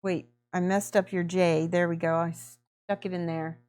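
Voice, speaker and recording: A woman's voice: on the low side, level tone, unhurried, darkish tone. A woman hosting a miniature painting livestream, chatting effusively and thanking viewers by name while she works.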